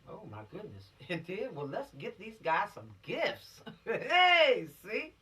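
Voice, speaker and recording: A woman's voice: mid-range voice, wildly swooping pitch, slow pace, fairly bright tone, recorded from a distance. A woman, a police officer giving teens an informal law lesson in a folksy, admonishing, preachy way.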